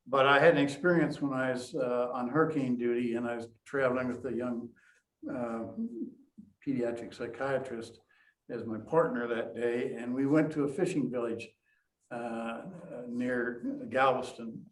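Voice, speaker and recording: An older man telling a personal story in a group discussion, halting with many pauses. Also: mid-range voice, reverberant, recorded from a distance, rough recording. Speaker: former soldier, volunteer.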